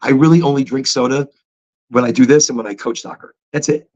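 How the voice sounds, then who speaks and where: A man hosting a casual livestream chat, talking in an animated, rambling way with chatty asides. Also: medium pitch, a little fast. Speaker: livestream host. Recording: dull lo-fi stream audio.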